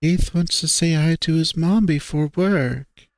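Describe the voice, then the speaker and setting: A man's voice: on the high side, a little slow, no echo, clean studio sound, voice pushed up. A man voicing a dopey, childish young woman who puts on a snooty air, reading a furry visual novel aloud. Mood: eerie. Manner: whiny, childlike, sing-song.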